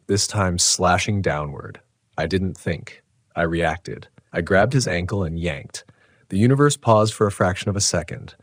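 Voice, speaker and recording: A man reading a scripted first-person horror story, low and tense, with dramatic pauses. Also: no echo. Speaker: narrator.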